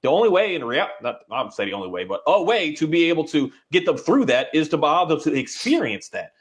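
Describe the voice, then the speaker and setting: Rambling, fairly high-voiced man. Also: sing-song, fast. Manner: rambling, with many restarts and acted-out dog voices. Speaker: dog trainer. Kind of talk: casual conversation.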